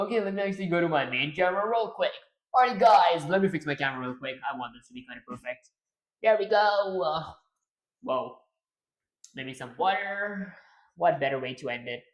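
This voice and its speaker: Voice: medium pitch, expressive, normal speed. A young adult streamer building a game live, chatting casually and rambling to themselves with restarts and trailing sentences. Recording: roomy echo.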